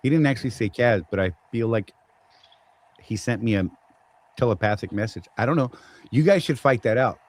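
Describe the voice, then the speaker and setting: A man's voice: medium pitch, a little fast, long pauses, poor audio. A man with a Southern accent hosting a casual live chat, rambling and teasing with jokes. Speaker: show host.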